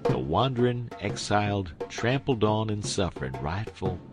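Man doing a folksy old fraud king, deep, sobbing, rustic speech, music under. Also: animated, moderate pace, lightly acted. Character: sly old balding male con-man king.

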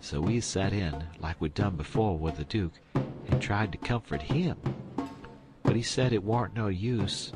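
Male narrator, low register, easygoing folksy reading over background music. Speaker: audiobook narrator. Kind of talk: audiobook reading.

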